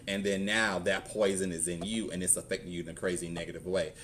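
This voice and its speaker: Deep-voiced Southern pastor, candid and rambling. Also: male voice, level tone, fast talker, fairly bright tone, a little hiss or hum. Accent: Southern American. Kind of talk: conversational sermon.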